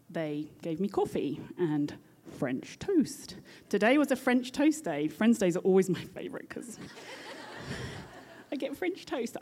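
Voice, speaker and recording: With a lowish voice and a British accent, this nurse recounts something from her own life, full of animation and frequent bursts of laughter.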